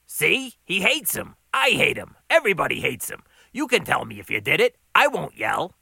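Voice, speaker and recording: A man voicing a gruff, gravelly older male diner owner who needles his staff. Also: fairly high pitch, wildly swooping pitch, normal speed, sharp tone, dry recording, voice pushed up, exaggerated voice. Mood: needling. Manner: needling, bossy. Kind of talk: audiobook character voice.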